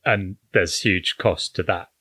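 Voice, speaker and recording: A man's voice: sits low, slow, sharp tone, husky, dry recording. A man casually recapping a film plot and quoting the characters, swearing now and then, on a podcast. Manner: retells scenes, swears casually. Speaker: podcast co-host. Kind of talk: casual film review chat.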